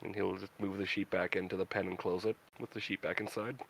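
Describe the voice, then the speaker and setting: A man's voice: deep voice, flat delivery, fast, vocal fry, fairly bright tone, slightly rough, low-quality recording. A man playing a tabletop game, describing his character's actions in an easygoing way. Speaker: player. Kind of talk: casual game chat.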